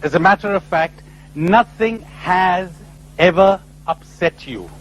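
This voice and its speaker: A man giving a spiritual talk to a live audience, animated and full of rhetorical questions, often acting out other people's replies. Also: high-pitched, takes it slowly, poor audio. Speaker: spiritual speaker. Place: lecture before a live audience.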